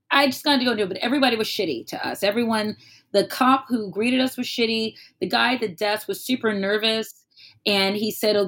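Woman telling a candid, wry story. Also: a little high. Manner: candid, wry and profane, acting out the voices of people in the story. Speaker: guest telling a personal story. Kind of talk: casual spoken storytelling.

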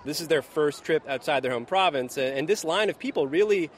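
A man reporting for the radio from outdoors at a busy expo, describing the scene in a relaxed way with fillers. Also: on the high side, fairly quick, a little hiss or hum. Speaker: reporter, bureau chief.

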